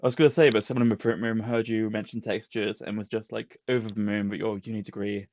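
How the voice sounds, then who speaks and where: A man's voice: on the low side, flat delivery, quick pace, darkish tone. A man co-hosting a podcast, casually recapping a comic plot with put-on quotes. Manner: retells plots with put-on quotes. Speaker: podcast co-host. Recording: dull lo-fi sound.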